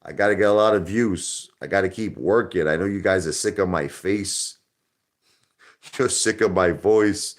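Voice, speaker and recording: A man hosting a live stream in casual, rambling talk, joking loudly at times and turning quiet and somber at others. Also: low-pitched, measured pace. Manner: loud, joking, rambling, swings into soft somber tones.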